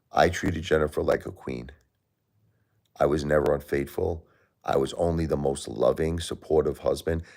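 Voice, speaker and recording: A man's voice: very deep voice, gravelly, darkish tone. A middle-aged man hosting a livestream, talking to his chat about his grief, turning heated and indignant when angry. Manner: grieving, talks straight to chat viewers. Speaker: livestream host. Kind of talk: emotional livestream talk to chat.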